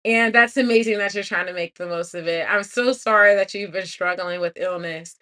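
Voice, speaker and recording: Woman, 40s, bright and effusive livestream host, cheering viewers on. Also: mid-range voice, brisk. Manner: warm, encouraging, effusive. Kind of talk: live chat with viewers.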